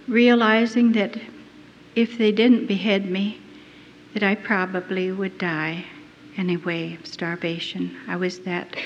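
A woman telling her own story to an audience as an earnest, emotional testimony. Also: mid-range voice. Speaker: speaker giving a testimony. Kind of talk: first-person testimony to an audience. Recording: dull lo-fi hall recording with faint noise.

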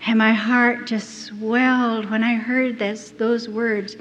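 A woman's voice: fairly high pitch, level tone, takes it slowly, few pauses, fairly bright tone. A woman telling her own story to an audience as an earnest, emotional testimony. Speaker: speaker giving a testimony. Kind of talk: first-person testimony to an audience. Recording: dull lo-fi hall recording with faint noise.

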